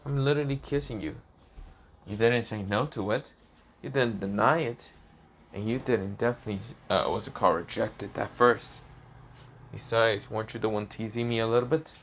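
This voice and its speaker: A man's voice: lowish voice, fairly bright tone, a little hiss or hum. A man doing a cocky, teasing mad scientist. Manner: smug, teasing, quick.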